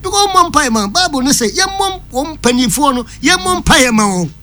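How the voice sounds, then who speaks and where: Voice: sits high, very animated, normal speed, a bit bright. A talk-show guest with a Ghanaian accent, giving an emphatic, preachy Christian view. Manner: emphatic and preachy, switching between Twi and English. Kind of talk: opinionated talk-show commentary.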